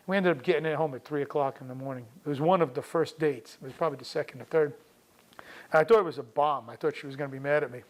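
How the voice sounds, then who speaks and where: A middle-aged veterinarian from the New York area tells a personal story in a relaxed, conversational way. He acts out the lines of the people in it as he goes. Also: medium pitch, low-quality recording. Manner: conversational, acts out quoted dialogue in the telling.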